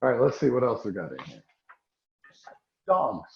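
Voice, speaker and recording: A man's voice: medium pitch, huge pitch swings, normal speed, vocal fry, noisy background. A man in his forties from Oklahoma, hosting a podcast and telling stories in casual chat, swearing freely and laughing as he goes. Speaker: podcast host. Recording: echoey room, dull lo-fi sound.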